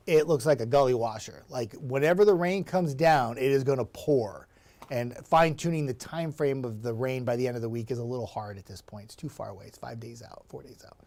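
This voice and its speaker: A man's voice: medium pitch, a little mellow. A male TV meteorologist chatting casually on a livestream, upbeat and talkative, laughing often and greeting viewers by name. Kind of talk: casual livestream chat reading viewer comments.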